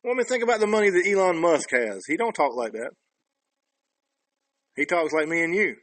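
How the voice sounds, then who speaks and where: A man co-hosting a podcast in casual banter, laid-back and deadpan. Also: fairly high pitch, fairly quick, dry recording. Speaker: podcast co-host.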